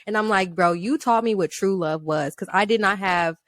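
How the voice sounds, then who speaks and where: A woman's voice: medium pitch, normal speed. A young adult woman co-hosting a podcast, chatting in an earnest, slangy, affectionate way. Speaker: podcast co-host. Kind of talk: casual chat.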